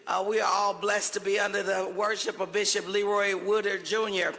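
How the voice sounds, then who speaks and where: A woman's voice: mid-range voice, flat delivery, moderate pace, vocal fry, a bit bright. A woman giving a fervent, folksy acceptance speech in a large event hall. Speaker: award honoree.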